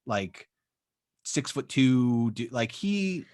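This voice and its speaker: A man's voice: mid-range voice, very animated, very slow, darkish tone. A man co-hosting a podcast, chatting casually about a movie and often hedging with "like" and "um". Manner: rambling, hedging with "like" and "um". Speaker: podcast co-host. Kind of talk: casual chat.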